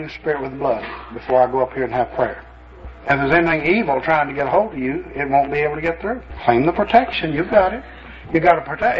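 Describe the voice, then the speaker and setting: Folksy pastor with a lo-fi sound. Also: male voice, on the high side. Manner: folksy, anecdotal, lots of "you know". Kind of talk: sermon storytelling.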